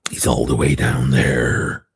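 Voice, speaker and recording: A man hosting a casual live stream, talking in a very low, gravelly voice and reading out viewer comments as he chats. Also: little pitch movement, takes it slowly. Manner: chatty, reads viewer comments aloud.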